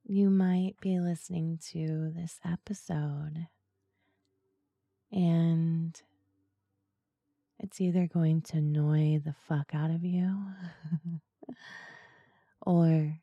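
A woman hosting a podcast in a soft, breathy, slow and seductive ASMR-style voice. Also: low voice, flat delivery, no room sound, lo-fi sound. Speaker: podcast host.

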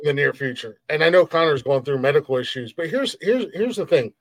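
A man's voice: a little high, animated, a little fast, dry recording. Angry ranting podcast host, man. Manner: heated, profane, repetitive, frustrated. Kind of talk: profane live-stream rant.

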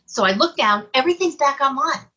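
A woman casually recounting a personal encounter as an investigator, animated and acting out her own reactions. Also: high voice, a little fast, dull audio. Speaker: guest, UFO investigator. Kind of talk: casual storytelling.

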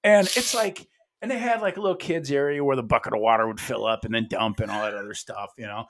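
A man's voice: mid-range voice, fast talker. A man from the American Midwest, co-hosting a podcast, telling stories in a loose, profane way and acting out the quotes. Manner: animated storyteller, swears freely, acts out quotes. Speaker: podcast co-host. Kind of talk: casual storytelling chat.

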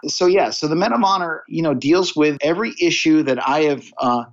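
A man's voice: on the high side, brisk. A man as a podcast guest, talking earnestly in a conversational interview and telling anecdotes, often restarting his phrases. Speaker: podcast guest, sales coach. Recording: dull lo-fi audio.

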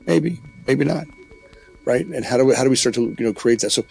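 A man's voice: medium pitch, brisk, gravelly, a little mellow, breathy edge. Candid middle-aged man, conversational podcast guest. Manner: candid, conversational, often ends with "right?". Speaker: company founder, podcast guest. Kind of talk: podcast interview.

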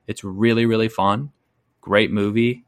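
A young man chatting casually as a podcast co-host, in a low voice recorded dry and close. He rambles with loose enthusiasm, peppering his talk with fillers. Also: fairly even intonation, measured pace, dry recording. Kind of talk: casual chat.

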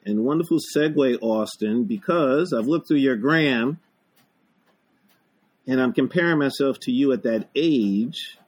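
A male podcast host asks casual questions and keeps the talk moving with friendly, quick interjections. His voice has a slightly husky grain at a mid pitch. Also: a little mellow.

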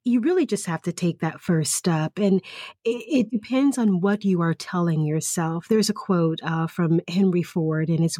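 A woman's voice: fairly low pitch, moderate pace, mellow, no echo, clean studio sound. A woman co-hosting a podcast, speaking encouragingly about pushing through hard things in casual chat. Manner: encouraging, motivational, lots of listening murmurs. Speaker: podcast co-host.

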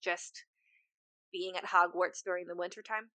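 A woman co-hosting a casual podcast chat, expressive and quick to react with gasps and groans. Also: on the low side, no room sound. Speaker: podcast co-host.

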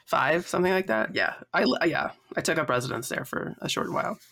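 A woman's voice: sits low, expressive, fairly quick, creaky, fairly bright tone. A woman co-hosting a casual chat podcast, chatty and full of "like" fillers. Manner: chatty, uses many "like" fillers. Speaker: podcast co-host.

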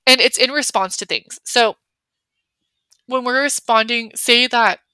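A woman's voice: fairly high pitch, a little slow, sharp tone, smooth, dry recording. A young woman hosting a podcast, talking casually and chattily with lots of fillers. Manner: chatty, many fillers, acts out her own reactions. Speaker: podcast host. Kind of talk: casual solo talk.

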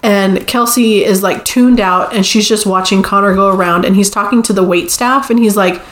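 A woman co-hosting a podcast, casually recapping a movie in a chatty storytelling way and dropping into quick character voices. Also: mid-range voice. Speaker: podcast co-host.

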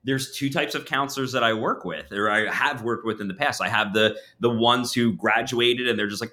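A man's voice: mid-range voice, brisk, few pauses. A middle-aged man telling candid stories as a guest on a casual podcast chat, with many restarts. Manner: candid, animated storyteller with frequent restarts. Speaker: counselor supervisor, podcast guest.

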